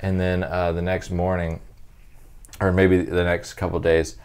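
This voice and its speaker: Low-voiced man telling rambling stories. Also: monotone, unhurried, darkish tone, clean tone. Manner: rambling, filler-heavy anecdotes. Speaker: stand-up comic guest. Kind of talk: casual storytelling chat.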